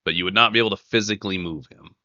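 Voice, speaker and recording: A man running a tabletop game as game master, explaining rules in a measured, playful way. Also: low-pitched, pushed and bright, dry recording, highs cut off.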